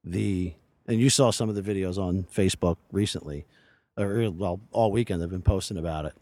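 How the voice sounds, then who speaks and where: A man's voice: deep voice, normal speed, dark tone, no echo. A man in his forties, a podcast guest recorded outdoors by a lake, talking in an earnest, rambling way with many restarts. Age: 40s. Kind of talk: casual interview chat.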